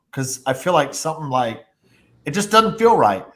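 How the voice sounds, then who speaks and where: A man chatting casually in a group, excitable and laughing often as he tells stories. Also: fairly high pitch, moderate pace.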